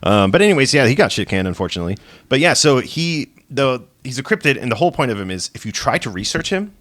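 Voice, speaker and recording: A man co-hosting a casual gaming podcast, excitable and swearing a lot, laughing as he tells stories. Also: medium pitch, fast. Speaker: podcast co-host.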